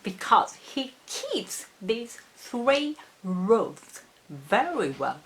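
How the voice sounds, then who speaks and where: A woman with a Japanese accent teaching pronunciation, modelling each word slowly and repeating it. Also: a little high, sing-song, a bit bright, slight background noise. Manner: slow, careful modelling of words, repeating each one. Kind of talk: pronunciation lesson.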